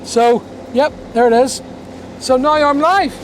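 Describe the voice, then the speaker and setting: A man's voice: very high-pitched, measured pace, a little hiss or hum. A man vlogging outdoors at a building site, chatty and explaining things as he goes, with teasing asides. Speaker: vlogger renovating a property. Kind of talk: casual walk-around vlog.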